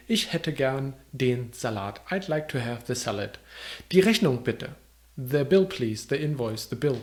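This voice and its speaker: A man teaching restaurant phrases in a casual lesson, repeating words slowly with many fillers. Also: medium pitch, darkish tone. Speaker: German language teacher. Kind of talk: casual spoken language lesson.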